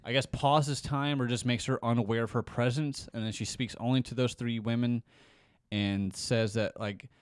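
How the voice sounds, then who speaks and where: A man co-hosting a casual podcast, recapping a comic in a relaxed, hesitant way with many fillers. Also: mid-range voice, moderate pace, smooth, no echo, studio quality. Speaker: podcast co-host.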